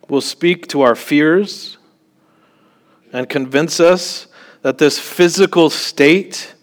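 Male preacher, unhurried delivery, chatty sermon style, peppers his teaching with light jokes and "okay?" checks. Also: medium pitch. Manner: conversational, with joking asides and frequent "okay?" check-ins.

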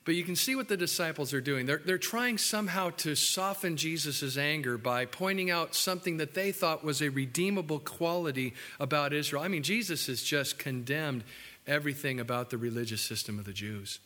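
A man preaching a sermon as pastor, animated and joking with his congregation. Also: a little high, brisk, big-room sound. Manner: animated, acts out quotes, jokes with the congregation. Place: church building.

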